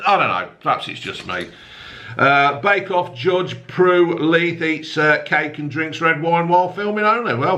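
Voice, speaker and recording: A man's voice: mid-range voice, sharp tone. Sweary, blunt man. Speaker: comedic news commentator. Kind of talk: rambling profane rant reading tabloid news.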